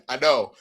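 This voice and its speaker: A man's voice: on the high side, bright, forceful tone, breathy edge. A young adult man casually telling a funny story, acting out the other people's lines and swearing freely. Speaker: podcast co-host.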